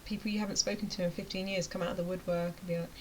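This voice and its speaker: A woman's voice: fairly low pitch, little pitch movement, very fast, slight background noise, poor audio. Chatty woman ranting to camera. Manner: chatty, emphatic, drops to near-whispers. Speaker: vlogger and web design coach. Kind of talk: motivational rant to camera.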